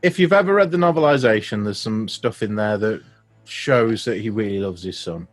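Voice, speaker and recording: A man's voice: on the low side, normal speed, faint music behind. Wry man recapping a film. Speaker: podcast co-host. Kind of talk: casual film discussion.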